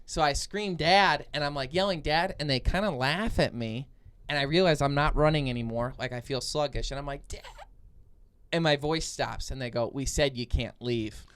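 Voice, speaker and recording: A man's voice: mid-range voice, brisk, smooth. A young man co-hosting a podcast, telling a long dream story in casual chat, full of fillers and restarts. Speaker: podcast co-host.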